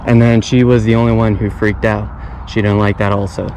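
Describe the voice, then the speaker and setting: A man's voice: lowish voice, level tone, a little fast, a little mellow, a little hiss or hum, low-quality recording. A young man filming a fishing vlog outdoors at a pond on an action camera, talking in a laid-back, chatty way and often repeating himself. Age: young adult. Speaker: fishing vlogger. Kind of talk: casual vlog commentary.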